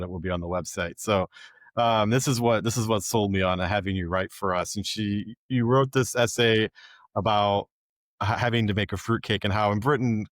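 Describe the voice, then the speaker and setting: A man with a fairly low voice hosts a podcast interview in a relaxed, conversational way. He often restarts his phrases as he puts his questions together. The recording is dry and close. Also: no echo. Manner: relaxed, loose phrasing with repeated starts. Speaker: podcast host. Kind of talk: casual interview chat.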